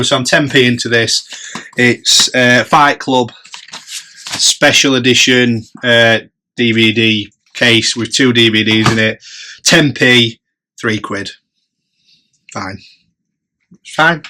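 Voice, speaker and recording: A man's voice: medium pitch, noisy background. A man, chatting casually on his vlog and running upbeat tallies of prices and profit. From England. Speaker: reseller vlogger. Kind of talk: casual chat.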